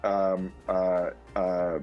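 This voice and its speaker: A man's voice: low voice, completely flat delivery, extremely slow, lo-fi sound, soft background music. A man co-hosting a casual sports talk show, arguing his points emphatically, almost like preaching. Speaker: co-host.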